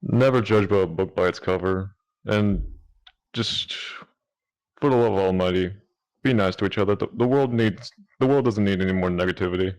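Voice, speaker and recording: Low, deep Mississippi man, easygoing guest, plain-spoken chat. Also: moderate pace, darkish tone. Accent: Southern US, Mississippi. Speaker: guest, amateur voice actor. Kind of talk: casual chat. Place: virtual reality chat room.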